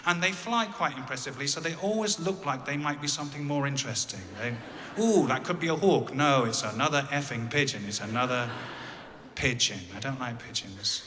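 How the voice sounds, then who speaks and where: A man's voice: medium pitch, fairly quick, bright, forceful tone, in a large hall. An English man telling a personal story in a conversational way with dry, wry humor. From England.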